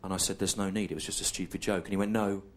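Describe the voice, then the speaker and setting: A middle-aged English man doing a deadpan stand-up routine, telling a slow, repetitive story on a theatre stage. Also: deep voice. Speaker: stand-up comedian. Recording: clear audience noise behind. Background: audience laughter.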